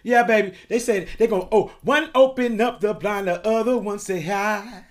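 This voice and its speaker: A man's voice: high-pitched, normal speed. A man hosting a podcast, rambling through a casual monologue with lots of profanity. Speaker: podcast host.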